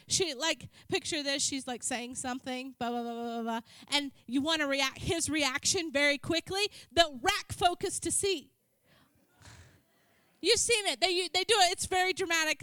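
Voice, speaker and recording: A woman preaches to her congregation in a chatty, joking way. Her voice sits very high and sounds bright and sharp. The sound is dry and close, with little room echo. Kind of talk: sermon. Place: church.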